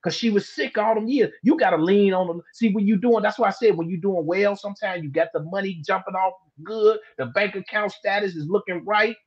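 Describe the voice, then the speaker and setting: A man teaching scripture in a relaxed, colloquial way on a live streamed Bible discussion, drawing out words for emphasis. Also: high-pitched, a little fast, hardly any pauses, breathy edge. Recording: dull lo-fi live stream audio.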